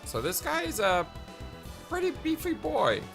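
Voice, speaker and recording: A man hosting a gameplay video, talking through stats and plans in an upbeat, chatty way with a very lively, bouncing pitch. Loud game music runs clearly underneath him. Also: measured pace. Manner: upbeat, chatty, laughs easily. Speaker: let's play host. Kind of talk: casual gameplay commentary.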